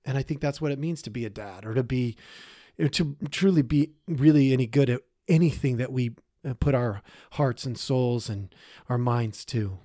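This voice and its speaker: A man's voice: mid-range voice, moderate pace, mellow, dry recording, studio quality. A man co-hosting a podcast, telling a long story casually, with many fillers and restarts. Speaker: podcast co-host.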